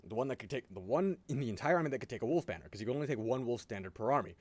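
Casting note: lively-voiced man, podcast host, swears and laughs freely, dry close mic. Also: medium pitch, very fast, dry recording. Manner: animated storytelling, swears often, laughs a lot. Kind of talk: casual chat.

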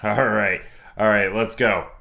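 A man hosting a podcast, reading listener mail in a relaxed, casual way. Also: fairly low pitch, a little slow, vocal fry. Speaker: podcast host. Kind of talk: casual chat.

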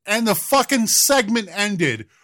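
Animated profane man talking wrestling. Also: high voice, slow, no echo, clean studio sound. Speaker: podcast co-host. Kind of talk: casual wrestling talk.

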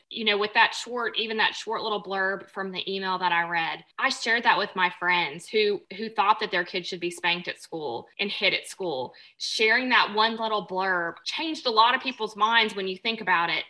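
An earnest woman with a bright, forward voice answers interview questions about her work as a healthcare provider and parent. She speaks thoughtfully and at a middle pitch. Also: poor audio.

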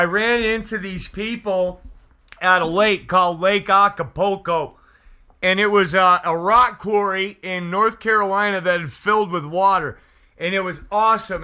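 A man from Canada hosting a radio talk show, loud and excitable, bantering off the cuff and laughing often. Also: high-pitched.

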